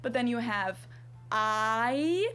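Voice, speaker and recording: A woman's voice: fairly high pitch, expressive. A woman, a language teacher explaining pronunciation step by step in a scripted video. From Germany. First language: German. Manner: clear, explains step by step, slows down for example sounds.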